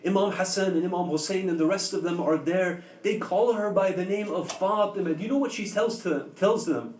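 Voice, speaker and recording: High-voiced male preacher, echoey and distant. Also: fairly quick, darkish tone, a little hiss or hum. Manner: emotive storytelling with rhetorical questions. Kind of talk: sermon narration. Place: community religious center hall. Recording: roomy, distant mic in a hall.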